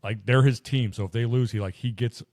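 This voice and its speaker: A man's voice: mid-range voice, brisk, no echo, clean studio sound. A man co-hosting a podcast, casually telling stories full of swearing and acted-out quotes. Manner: profane, animated storytelling with voiced quotes. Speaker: podcast co-host. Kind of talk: casual chat.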